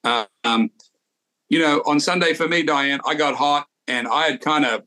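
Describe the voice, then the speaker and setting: A man's voice: medium pitch, a bit bright. A man in his sixties with an Australian accent, a former tour pro co-hosting a podcast, telling stories in an easygoing way with many restarts. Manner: easygoing storyteller with frequent restarts. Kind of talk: casual podcast chat.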